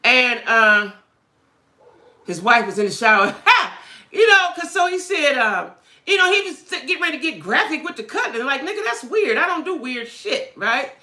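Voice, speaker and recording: Woman on a livestream, frank streetwise talk, bright tone, echoey room. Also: high-pitched, big pitch swings, normal speed. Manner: frank, streetwise, keeps asking "right?" and "you know what I'm saying?". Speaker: livestream host chatting with viewers. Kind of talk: casual live chat about dating.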